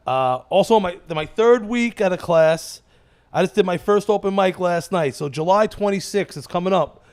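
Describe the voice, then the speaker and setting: Brief: male comedian host, fairly high voice, worn out, swearing constantly, digressive storyteller. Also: smooth. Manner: laughs at his own stories. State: tired, running on fumes. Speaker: comedian hosting his own show. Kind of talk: rambling casual monologue.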